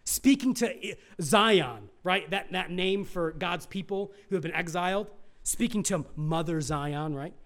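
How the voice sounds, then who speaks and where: In an unhurried, high-pitched voice, this middle-aged male pastor asks his congregation questions during his sermon. He alternates between booming emphasis and quiet, almost hushed remarks.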